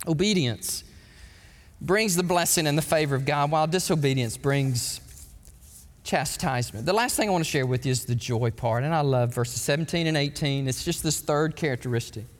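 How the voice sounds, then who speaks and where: Man preaching in a church, fairly high voice, emphatic storyteller, lots of hall echo. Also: normal speed. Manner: emphatic storytelling preacher, bursts into excited acted quotes. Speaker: pastor. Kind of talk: sermon. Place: church sanctuary. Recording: long hall reverb.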